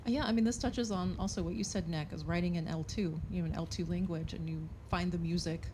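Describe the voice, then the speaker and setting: Low-voiced woman moderator, noisy room. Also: fairly even intonation, fast talker, dark tone. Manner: probing, thoughtful. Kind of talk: panel discussion. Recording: clear background noise.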